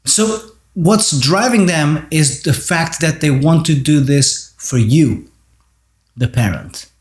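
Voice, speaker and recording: A man's voice: a little high, lively intonation, takes it slowly. Earnest man speaking in an echoey room. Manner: earnest, addressing parents directly. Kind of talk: monologue on parenting. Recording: roomy echo.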